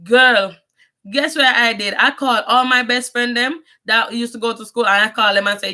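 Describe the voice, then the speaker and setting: A woman's voice: on the high side, fairly even intonation, brisk, pushed and bright. A young Jamaican woman with a strong Jamaican accent, telling her life story in a casual, rambling vlog, mixing in patois and often restarting her sentences. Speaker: vlogger.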